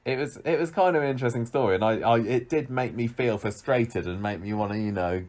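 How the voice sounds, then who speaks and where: A man's voice: mid-range voice, fast talker, darkish tone. A man co-hosting a casual chat, talking in a rambling, chatty way with frequent restarts. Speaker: podcast co-host. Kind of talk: casual chat rating soap characters.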